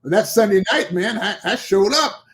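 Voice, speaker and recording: An older bishop and pastor's voice sits high and runs at normal speed as he narrates a story in an interview. He performs the people's dialogue with animated energy.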